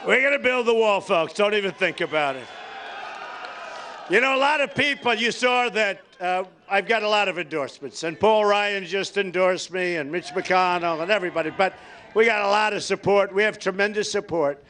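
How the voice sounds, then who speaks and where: An older man holds forth at a campaign rally, his voice pitched very high for a man. He brags, rambles and circles back to the same points. Now and then he shouts out to the crowd. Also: moderate pace, slight background noise. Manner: boastful, rambling and repetitive, sometimes shouting to the crowd. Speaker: political candidate at a campaign rally. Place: large rally venue before a cheering crowd.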